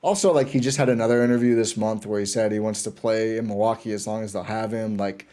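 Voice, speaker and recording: A man guesting on a sports podcast, talking like an excited fan and often restarting his sentences. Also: fairly low pitch, fast talker. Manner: enthusiastic fan, rambling with restarts. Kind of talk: casual sports chat.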